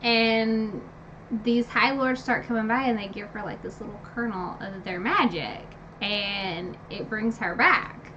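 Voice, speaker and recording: Bright, excitable woman recapping a book. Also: unhurried, dull audio, a little hiss or hum. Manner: animated, gushing, many fillers, jumps to high squeals when excited. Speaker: book review vlogger.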